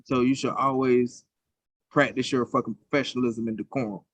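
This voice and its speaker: A man co-hosting a podcast, telling stories with a cursing, animated delivery in casual chat. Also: mid-range voice, fairly quick, no room sound. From United States. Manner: profane, animated storytelling. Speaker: podcast co-host.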